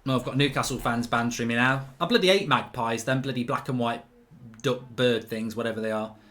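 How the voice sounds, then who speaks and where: A man's voice: medium pitch, brisk, fairly bright tone. A man hosting a live match reaction stream, reading chat messages aloud and ranting with frequent swearing and sarcasm. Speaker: football fan livestream host.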